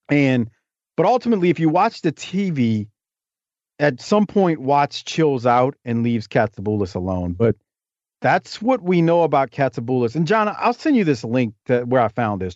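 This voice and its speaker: A man chats as a guest on a podcast, rolling from one story to the next with jokey asides. His voice sits at an ordinary pitch. The audio is dry and slightly dull, like lo-fi podcast sound. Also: a little mellow, no room sound. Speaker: podcast guest, wrestling historian. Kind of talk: casual interview chat.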